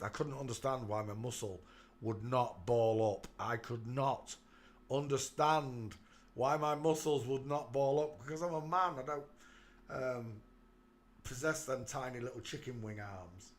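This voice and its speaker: An unhurried man with a medium-pitched voice hosts his channel, offering mocking commentary on photos. He jeers, talks to whoever's watching, and breaks into laughter.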